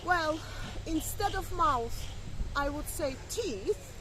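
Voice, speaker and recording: A woman's voice: high voice, lively intonation, slow pace. A woman whose first language is Greek, co-hosting a casual outdoor vlog in non-native English and searching for words while getting over flu. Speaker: vlog co-host. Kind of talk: casual chat. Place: outdoors by a seaside resort. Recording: outdoor vlog with clear background noise.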